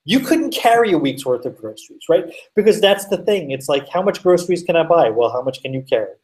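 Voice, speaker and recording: A man's voice: on the high side, animated, fast talker, a little mellow, far from the mic, poor audio. A man telling a story as a guest in a rambling, chatty way with lots of fillers, over a remote call. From United States.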